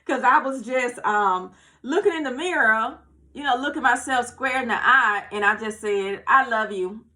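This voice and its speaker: Bright-voiced woman giving casual pep talk. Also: on the high side, moderate pace. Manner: encouraging, repeats herself, frequent "okay?" and "you guys". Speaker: self-love vlogger. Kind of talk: casual motivational talk to camera.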